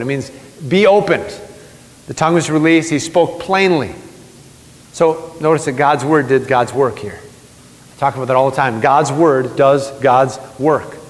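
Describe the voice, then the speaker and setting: Male pastor, conversational sermon, repeats key phrases, slightly high voice, long church reverb. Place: church sanctuary with seated congregation.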